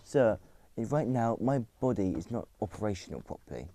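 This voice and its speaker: A man's voice: on the low side, very animated, moderate pace, mellow, no room sound, pitched above the performer's own voice. A man voicing a polite male AI assistant who speaks formally and calls his master sir.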